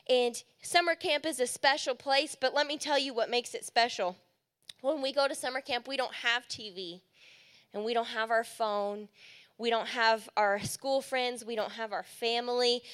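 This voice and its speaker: Bright-voiced woman preaching to youth. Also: sits high. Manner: earnest and encouraging, rising emphatic phrases. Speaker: youth leader. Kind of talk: youth sermon.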